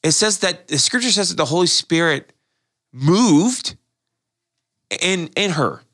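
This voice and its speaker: A man's voice: high voice, expressive, a little slow, fairly bright tone, no room sound, clean studio sound. A male pastor explaining faith in a casual, earnest discussion, often repeating words as he restarts his thoughts.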